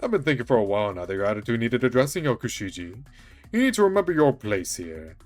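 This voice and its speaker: Lively man reading a visual novel aloud. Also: mid-range voice, fast. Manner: reads every character aloud, with animated asides and laughter. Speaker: streamer. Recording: faint music behind.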